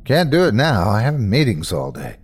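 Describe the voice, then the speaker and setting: A man's voice: fairly low pitch, wildly swooping pitch, normal speed, husky, exaggerated voice. A man playing a blunt, stubborn middle-aged office boss who is hurt but refuses to stop working. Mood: gruff pained.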